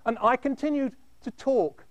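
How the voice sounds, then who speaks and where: With a high, expressive voice that swoops widely, a man recounts a dramatic story from his own point of view. His pace is measured and his phrases sink low and quiet at the end. The sound is dry and close, lacking room echo, with the highs cut off.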